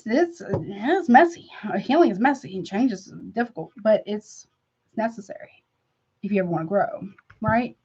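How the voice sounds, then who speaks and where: A woman's voice: on the high side, a little mellow, highs cut off. A woman reading tarot in a casual livestream, chatty and frank, calling her viewers honey and baby with rambling asides. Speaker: tarot reader.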